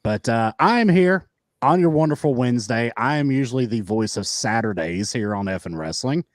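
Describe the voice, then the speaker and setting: A man hosting a wrestling podcast in casual chat, with a smooth voice and a theatrical, mock-formal delivery. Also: medium pitch, expressive, moderate pace, dry recording. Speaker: podcast host.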